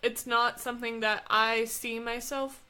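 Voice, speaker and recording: A giggly young woman co-hosting a casual podcast. She talks with some hesitation, and her voice is slightly high and bright. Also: level tone, unhurried, clear, resonant tone. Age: young adult. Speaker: podcast co-host.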